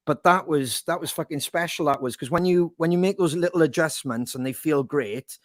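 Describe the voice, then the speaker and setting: A man in casual chat, telling animated stories with lots of swearing. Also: a little high, brisk, no room sound, studio quality. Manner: swearing, animated storytelling with impressions. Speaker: band member co-hosting podcast.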